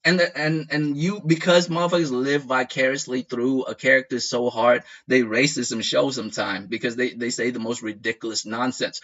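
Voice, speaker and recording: A man who grew up in the United States, talking casually as a streamer in a profane, animated rant full of laughs. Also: mid-range voice, a little fast, hardly any pauses. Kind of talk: casual chat. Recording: dull lo-fi audio.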